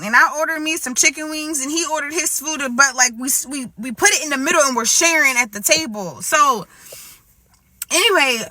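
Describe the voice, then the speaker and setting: High, very bright woman telling a story. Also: dry recording. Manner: rambling, restarts and quotes others. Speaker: storyteller in a played clip. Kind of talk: casual storytime, acting out dialogue.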